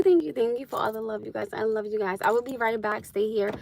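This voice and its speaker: A woman's voice: fairly high pitch, animated, fast, vocal fry, a little hiss or hum. A woman hosting a casual livestream from her phone, reading scripture and thanking viewers, exclaiming and laughing often. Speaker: livestream host.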